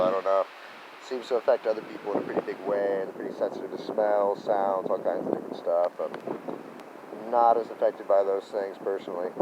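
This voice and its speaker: A man with a lowish voice tells casual stories in a rambling monologue, full of "you know" and restarts. The recording is very noisy.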